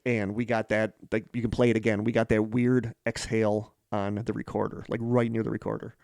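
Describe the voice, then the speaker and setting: A man's voice: fairly low pitch, flat delivery, brisk, vocal fry, a little mellow, dry recording, studio quality. A man co-hosting a paranormal podcast, talking casually and earnestly, going back over the same points as he explains. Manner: earnest, repeats himself while explaining. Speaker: podcast co-host. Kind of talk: casual chat.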